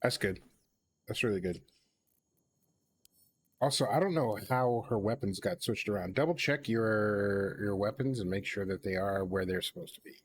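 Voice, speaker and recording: A man streaming a co-op game, talking casually in a relaxed, matter-of-fact way. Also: on the low side, normal speed, a little hiss or hum. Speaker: streamer playing co-op. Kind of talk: casual gaming chat.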